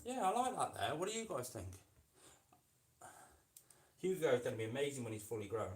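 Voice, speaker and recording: A man's voice: mid-range voice, sing-song, a little fast. A man hosts a casual live stream, chatting fondly to his pet lizard and calling it "mate" while he works on its enclosure indoors. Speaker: reptile keeper and channel host. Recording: echoey room with faint noise.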